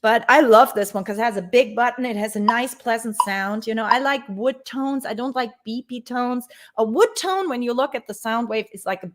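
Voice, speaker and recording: A woman teaching bass in a live-streamed lesson, talking informally and laughing easily as she answers viewers. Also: normal speed, hardly any pauses.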